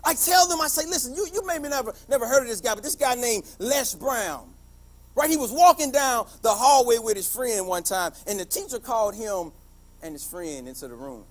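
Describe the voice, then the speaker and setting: Man, middle-aged, teacher, motivational speech, husky, fervent, lively swooping pitch. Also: moderate pace. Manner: passionate and emphatic, building to shouts. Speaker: teacher giving a motivational talk.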